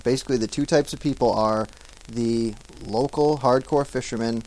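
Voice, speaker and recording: Man, from Maine, casual podcast co-host, laid-back storyteller, mid-pitched, laughs often. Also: fairly even intonation, moderate pace, darkish tone, a little hiss or hum, low-quality recording. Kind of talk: casual chat.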